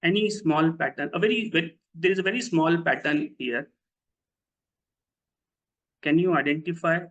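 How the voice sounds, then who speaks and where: A man's voice: fairly high pitch, moderate pace, a bit bright, highs cut off. Man teaching an online webinar. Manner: explains step by step, asks the audience questions. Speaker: webinar presenter. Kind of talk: live online lecture.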